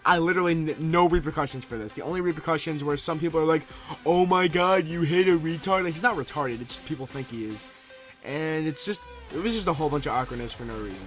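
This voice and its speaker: Animated, profane young man telling a story. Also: fairly high pitch, fast talker, faint music behind. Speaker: gameplay commentator. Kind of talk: casual storytelling over gameplay.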